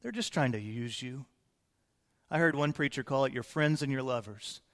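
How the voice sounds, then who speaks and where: A man's voice: mid-range voice, moderate pace. A man pastor preaching a sermon, explaining scripture verse by verse in an earnest manner. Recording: long hall reverb.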